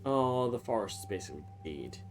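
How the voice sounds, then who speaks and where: A man offers casual let's-play commentary while streaming a game, rambling through lengthy tangents full of filler words. He speaks on the low side in a sing-song manner at a moderate pace; there's slight hiss or hum and faint game music in the background.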